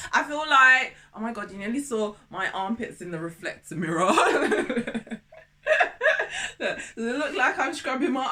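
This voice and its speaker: A woman in her thirties vlogging casually to camera, excitable and goofy, jumping between topics and laughing often. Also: on the high side. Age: 30s.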